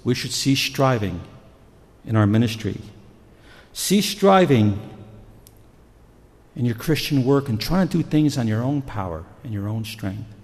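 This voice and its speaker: A man's voice: medium pitch, normal speed, a little mellow. A man preaching a sermon in an earnest storytelling manner. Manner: earnest, storytelling, acts out panicked voices. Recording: long reverb of a hall.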